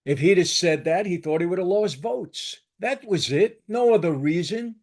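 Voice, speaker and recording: A man's voice: high voice, lively intonation, normal speed, darkish tone. An older man hosting his own channel, delivering an emphatic, combative political commentary with lots of repetition. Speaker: channel host.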